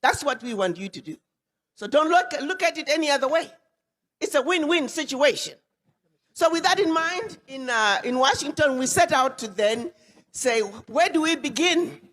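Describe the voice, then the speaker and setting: A woman's voice: high voice, lively intonation, moderate pace, a bit bright. A woman, an ambassador giving an emphatic public speech to an audience and repeating words for weight. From Ghana. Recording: long hall reverb.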